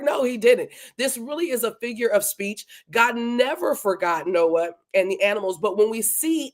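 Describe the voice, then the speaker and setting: A woman's voice: fairly high pitch, lively intonation. Eager woman teaching the Bible. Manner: conversational, enthusiastic, with emphatic slowed-down scripture reading. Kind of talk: live-streamed verse-by-verse Bible teaching.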